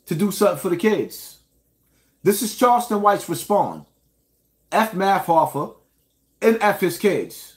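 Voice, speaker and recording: A man with a fairly high voice delivers an indignant commentary rant, speaking straight to his viewers. His talk is emphatic, with pointed rhetorical questions. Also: a bit bright. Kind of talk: ranting reaction commentary.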